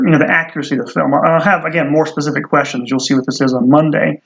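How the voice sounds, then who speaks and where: A man's voice: fairly high pitch, quick pace, few pauses, a bit bright. Rambling male history lecturer, slightly lo-fi. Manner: rambling, many fillers and restarts; wry asides. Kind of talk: recorded lecture to students.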